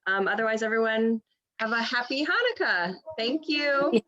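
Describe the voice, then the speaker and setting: A woman hosting an online event, thanking the storyteller and giving relaxed closing announcements with a few fillers. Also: on the high side, moderate pace, highs cut off. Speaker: event host. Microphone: video call.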